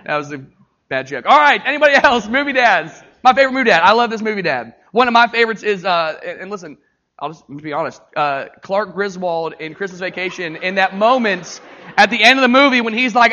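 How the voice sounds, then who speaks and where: A man's voice: high voice, fast talker. A middle-aged male pastor preaching a sermon, joking with the congregation and then turning earnest and emotional. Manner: animated, jokey, crowd-engaging.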